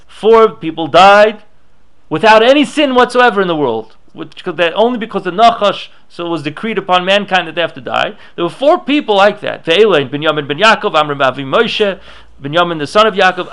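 A man's voice: on the high side, vocal fry, a bit bright. A man giving a Torah class, reading Hebrew and Aramaic passages aloud and explaining them in English, thinking aloud with restarts. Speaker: Torah teacher.

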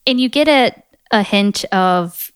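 A woman co-hosting a casual movie podcast, chatty and quick to laugh, pausing with ums. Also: mid-range voice, expressive, clear, resonant tone. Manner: chatty, laughs often, pauses with um. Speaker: podcast co-host. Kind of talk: casual movie-review chat.

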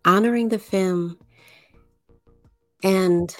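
A woman from the New Orleans area giving a slow explanatory monologue, with deliberate, drawn-out phrasing and pauses. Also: medium pitch, no room sound, soft background music.

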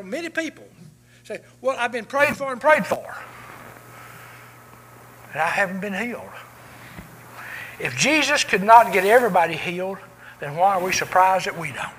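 A man preaching with real fervor, his high, bright voice climbing and falling in wide swings. He leans hard into loud calls, then drops to near-whispers. A faint hum of room noise sits under him. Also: low-quality recording. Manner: impassioned, swings from loud cries to quiet hushed lines. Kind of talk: sermon.

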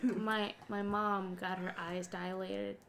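A woman's voice: medium pitch, little pitch movement, takes it slowly, gravelly, crowd noise. A woman co-hosting a casual chat, telling a family story in a chatty, giggly way. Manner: chatty, giggly, loose phrasing.

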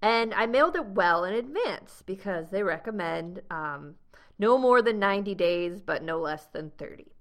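A woman's voice: mid-range voice, moderate pace. Chatty American woman telling a story. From United States. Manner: animated storyteller, laughs often. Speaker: travel podcast host. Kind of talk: casual storytelling chat.

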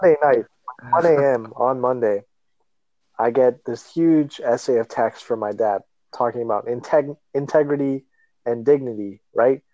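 Young male podcast co-host, animated storyteller who acts out voices, dry close sound. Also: medium pitch, moderate pace, no echo, highs cut off. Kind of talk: casual chat.

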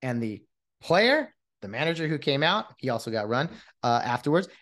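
A man's voice: medium pitch, sing-song, moderate pace, fairly bright tone. A man in his late thirties, a podcast host and former umpire, ranting with exasperation in a solo monologue, often restarting his sentences. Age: late 30s.

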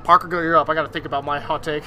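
A young man with a high, bright, tense-edged voice chats profanely and stumbles over his words. He restarts sentences often and fills them with "like". A faint noise sits beneath the voice. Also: little pitch movement, very fast. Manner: profane, stammering restarts, lots of "like". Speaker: podcast co-host. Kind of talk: casual chat.

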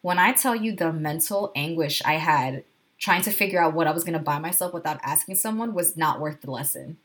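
A woman's voice: deep voice, brisk. A woman co-hosting a podcast in casual chat, telling anxious stories and swearing freely. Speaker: podcast co-host.

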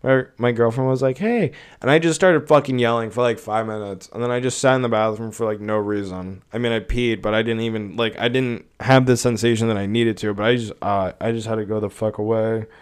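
Smooth-voiced young man ranting profanely. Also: lowish voice, fairly even intonation, a little fast, hardly any pauses. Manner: rambling, profane and exasperated. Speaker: podcast host. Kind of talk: casual rant.

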